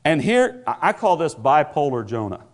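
A man's voice: on the high side, big pitch swings, moderate pace. Male preacher with stammering restarts. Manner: stammering restarts, builds to emphatic proclamations. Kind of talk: sermon.

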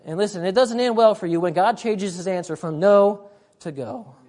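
A woman's voice: mid-range voice, moderate pace, warm tone. A woman preacher delivering a sermon, emphatic, repeating her points and often urging "listen".

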